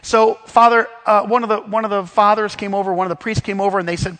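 Male preacher from the Midwest, halting delivery with restarts, pitched high, echo trailing off in a long hall. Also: fairly bright tone. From Missouri, US Midwest. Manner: halting, full of restarts and fillers. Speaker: Bible study teacher. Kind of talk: sermon-style storytelling.

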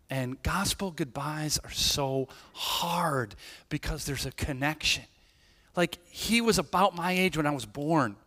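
A man's voice: on the high side, measured pace, bright, forceful tone. Conversational male pastor in a reverberant hall. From Irish family background. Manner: conversational, tag questions, many restarts. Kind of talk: sermon. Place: church sanctuary. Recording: church hall with long reverb.

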